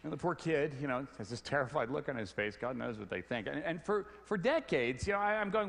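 Animated middle-aged man in a hall. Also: medium pitch, brisk, gravelly. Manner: animated, stammers on repeated words. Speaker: speaker giving a stage talk. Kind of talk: storytelling stage talk. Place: large hall before an audience. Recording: long hall reverb.

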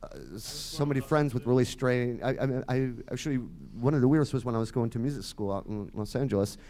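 A man's voice: medium pitch, a little fast. A man in his fifties from the Detroit area with a Michigan accent, a musician chatting at length as an interview guest, his voice a little nasal. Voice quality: slightly nasal. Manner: rambling, chatty, trails off quietly. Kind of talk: casual chat.

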